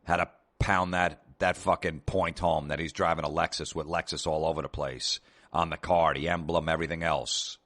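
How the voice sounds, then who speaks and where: A man's voice: extremely low pitch, steady tone, normal speed, a bit bright. A man hosting a comedy show, ranting in a sarcastic, profane and exasperated way. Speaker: comedian host. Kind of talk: comedic rant.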